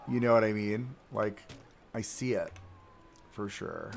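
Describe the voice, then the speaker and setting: A young man's fairly low, creaky, darkish voice stays steady and slow, with long pauses, as he builds a theme park live in a game. Chatting casually to viewers, he talks to himself, jokes, and grumbles at the controls.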